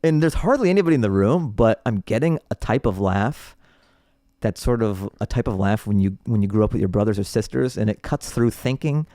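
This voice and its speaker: Low-voiced man telling a lively story. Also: a little fast, no room sound, clean studio sound. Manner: animated storyteller, laughs often. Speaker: comedian guest. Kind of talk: casual podcast chat.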